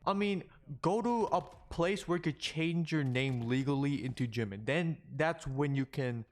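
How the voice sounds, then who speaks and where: A young man from Korea doing reaction commentary, talking loudly and bluntly with plenty of swearing and laughter. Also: on the high side, normal speed. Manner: loud, blunt and profane, with frequent laughs. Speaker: commentary YouTuber.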